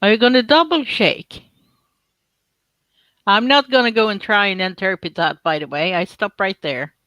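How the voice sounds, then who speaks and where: Casting: woman, bright tone, chatty and giggly, dry close sound. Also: medium pitch, moderate pace, no room sound, poor audio. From Sweden. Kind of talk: casual chat.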